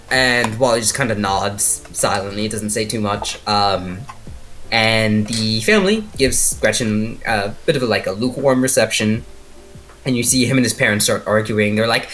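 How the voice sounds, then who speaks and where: A man's voice: lowish voice, normal speed, a bit bright, faint music behind. A man narrating as game master of a tabletop horror game, casual and rambling with many fillers.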